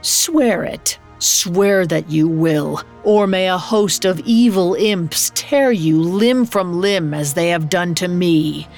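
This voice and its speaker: A woman's voice: fairly low pitch, slow pace, few pauses, a little mellow, soft background music. A woman voicing the bitter spirit of a dead girl, a dybbuk, with a scornful, weary manner. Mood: menacing.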